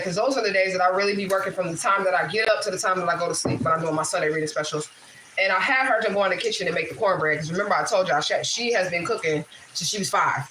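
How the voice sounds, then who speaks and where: A woman hosting a casual livestream from her home kitchen, telling loose, swearing stories with laughs. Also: mid-range voice. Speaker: livestream host and spiritual reader. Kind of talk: casual livestream chat while cooking. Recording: echoey kitchen with faint noise.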